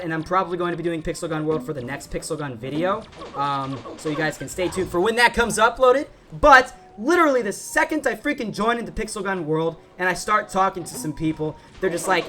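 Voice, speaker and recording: A teenage boy giving casual, rambling commentary over his gameplay, excitable and full of asides. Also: a little high. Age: teens. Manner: rambling and excitable, often saying okay and freaking. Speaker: gaming YouTuber.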